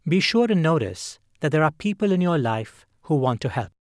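Man with a slightly high voice hosting. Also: very animated, normal speed, no room sound, clean studio sound. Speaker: podcast host. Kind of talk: scripted narration.

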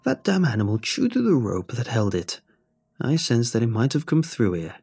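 A man voicing a creaking, rasping ancient hag who is sly and mocking. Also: medium pitch, huge pitch swings, normal speed, darkish tone, faint music behind, exaggerated voice. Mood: sweetly asking. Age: over 60. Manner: sly and mocking, turning to cursing. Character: creaky ancient hag woman, gentle then cruel.

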